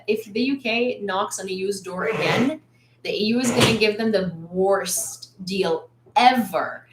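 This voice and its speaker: A woman's voice: lowish voice, a little hiss or hum. A woman hosting a casual news livestream from a room at home, chatty with lots of fillers and blunt when she lectures. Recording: roomy echo.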